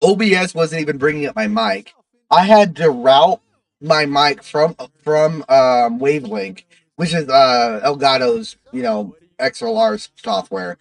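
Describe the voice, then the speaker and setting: A man's voice: a little high, animated, a little slow, gravelly, dry recording, far from the mic. A man chatting casually on his livestream, rambling to his chat with lots of fillers.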